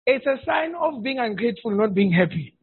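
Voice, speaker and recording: A man preaching a sermon as pastor, animated and humorous, often shouting for emphasis. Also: extremely high pitch, fairly quick, husky. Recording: tinny phone-like sound.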